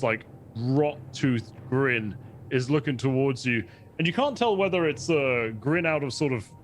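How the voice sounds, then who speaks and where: A man's voice: medium pitch, a little hiss or hum. A man narrating a tabletop game as game master, playful and descriptive, often laughing.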